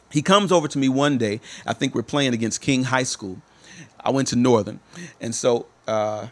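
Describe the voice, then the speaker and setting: A man's voice: medium pitch, a bit bright. A man telling a personal story to his viewers, speaking emphatically and repeating that he is telling the truth. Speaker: motivational speaker.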